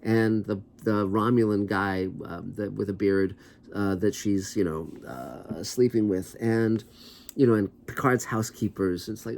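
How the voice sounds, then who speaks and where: Male host, low-ish voice, conversational and digressive, skeptical asides. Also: steady tone, measured pace, darkish tone, a little hiss or hum. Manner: rambling, conversational, many asides; skeptical, wry. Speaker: TV writer and show host. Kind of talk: casual commentary to camera.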